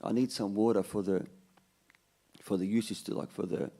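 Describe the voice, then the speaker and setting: A man voicing a patient, wise old grandfather in a story told during a sermon, in his own low voice. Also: fairly even intonation, normal speed, dark tone.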